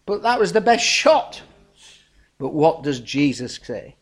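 A man's voice: on the high side, very animated, unhurried. A middle-aged man, preaching a sermon in a folksy, storytelling way, calling his listeners folks.

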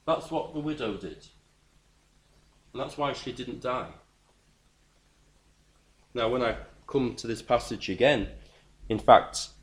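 Male preacher, earnest and emphatic, stumbles over repeated words for emphasis, mid-pitched. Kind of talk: sermon.

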